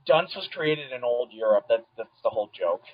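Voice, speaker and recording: Lively, playful man on lo-fi call. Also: medium pitch, a little fast. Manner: playful, laughs often, swears. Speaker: podcast co-host. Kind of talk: casual chat.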